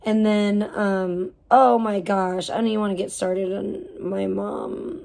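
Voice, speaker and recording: A woman's voice: mid-range voice, fairly even intonation, measured pace, gravelly, a little mellow. A young adult woman livestreaming, venting in a rambling, frustrated way, swearing often and filling her talk with fillers. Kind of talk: casual live-stream venting.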